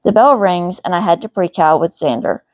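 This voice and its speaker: A woman author reads her novel aloud in a steady, even first-person narration. Her voice sits low, and the recording is dry and close with no room sound. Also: fairly quick, no room sound.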